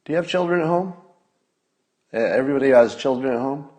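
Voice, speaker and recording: A man in his sixties hosting a casual livestream, talking wryly and conversationally, with sudden emphatic rises and low mutters. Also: quick pace. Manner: conversational, wry, drifts between loud emphasis and mutters. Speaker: podcast host.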